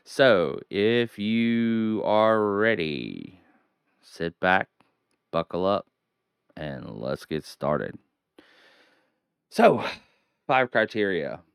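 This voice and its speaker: Male horror review host, hammy showman, drawn-out delivery, slightly low voice. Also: big pitch swings, gravelly, clear, resonant tone, no echo, studio quality. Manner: hammy spooky showman, rambling asides. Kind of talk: theatrical solo video review. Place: home at night.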